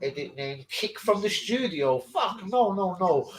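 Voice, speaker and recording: A man hosting a live stream, talking loudly and excitably and swearing a lot. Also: high voice, unhurried. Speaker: stream host. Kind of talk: casual live stream chat. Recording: roomy echoey room.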